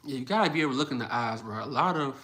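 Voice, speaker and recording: Blunt, bright-voiced man livestreaming. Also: mid-range voice, very fast. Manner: blunt, animated, repeats phrases for emphasis. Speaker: livestream host reading chat. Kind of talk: casual livestream commentary.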